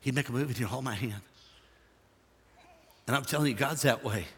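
An older man preaching a sermon, folksy and jokey, swinging from hushed asides to shouting. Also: medium pitch, fairly quick, husky, big-room sound. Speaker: pastor.

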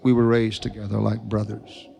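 Gravelly preacher man. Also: fairly low pitch, level tone, normal speed, a little hiss or hum. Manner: folksy, rising to shouted fervor at climaxes. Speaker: evangelist preacher. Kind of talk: revival sermon with storytelling.

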